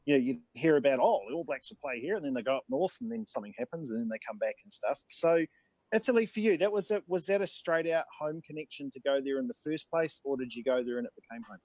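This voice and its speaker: A man co-hosting a casual chat, asking rambling questions and laughing quickly. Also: mid-range voice, expressive, a little mellow, dry recording, low-quality recording. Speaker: co-host.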